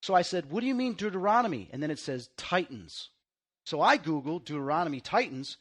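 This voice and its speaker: A man hosting a casual conversation, an excitable storyteller who acts out the lines he quotes. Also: on the high side, fast. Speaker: host.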